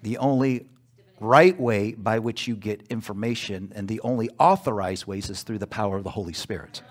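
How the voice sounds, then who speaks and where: A male pastor preaching a sermon in church, emphatic, pausing for call-and-response asides. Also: lowish voice.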